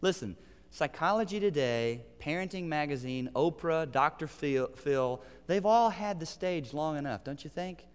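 Male pastor, 30s, earnest and emphatic sermon delivery; resonant, slightly high voice with long hall reverb. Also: lively intonation, normal speed, clear, resonant tone. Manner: earnest, building to emphatic preaching. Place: church sanctuary.

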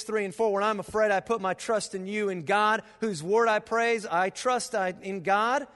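A man preaching a sermon as pastor, telling stories with animated sound effects in a church auditorium. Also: sits high. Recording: long reverb of a large auditorium.

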